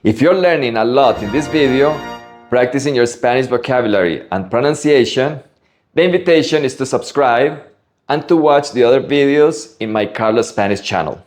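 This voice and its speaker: A man from Latin America teaching Spanish vocabulary, slowly drilling pronunciation word by word. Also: medium pitch, animated, a little mellow, faint music behind. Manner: slow, careful pronunciation drills. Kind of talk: vocabulary lesson.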